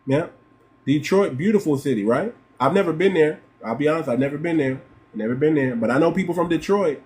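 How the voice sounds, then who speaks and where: A man's voice: a little high, expressive, a little fast, darkish tone. A man from the United States hosting a livestream, talking emphatically, repeating himself and firing off rhetorical questions. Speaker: livestream host. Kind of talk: livestream commentary.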